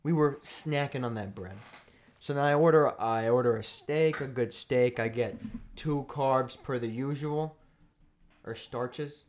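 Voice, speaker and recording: A man's voice: mid-range voice, a little slow, a little mellow, slight background noise. A man co-hosting a podcast in casual chat, telling a rambling, joking story. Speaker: podcast co-host.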